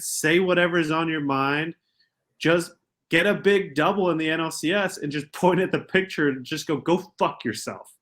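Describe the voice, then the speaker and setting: A young adult man co-hosting a podcast, ranting in casual sports banter and swinging from quiet asides to loud outbursts. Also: on the high side. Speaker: podcast co-host.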